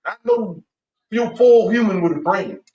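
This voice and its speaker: A man in a casual live-stream chat, profane, argumentative and excitable, often repeating himself. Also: sits high, measured pace, muffled recording.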